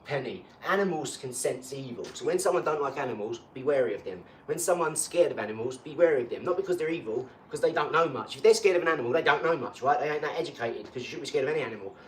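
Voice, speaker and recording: A man's voice: medium pitch, fast, hardly any pauses. Boastful rambling man, roomy sound. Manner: boastful, rambling, animated rants. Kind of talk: casual live chat. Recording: echoey room, far from mic, faint hum.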